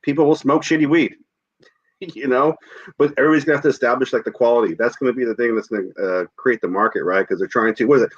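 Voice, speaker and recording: A man's voice: mid-range voice, quick pace, husky, highs cut off. A man co-hosting a podcast, ranting and swearing freely in casual chat. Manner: heated, swears freely, rants. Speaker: podcast co-host.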